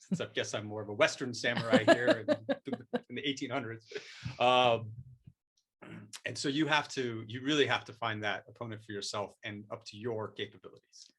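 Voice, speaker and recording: A man playing a self-styled martial arts master in an improvised comic bit, speaking in a measured, mock-solemn tone. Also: mid-range voice, fairly bright tone, lightly acted. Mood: lecturing. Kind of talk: improvised comic role-play.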